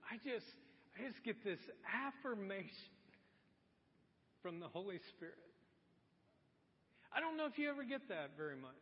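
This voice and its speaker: Male pastor, very high voice, conversational sermon, dull echoey hall sound. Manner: storytelling, conversational and earnest. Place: church sanctuary.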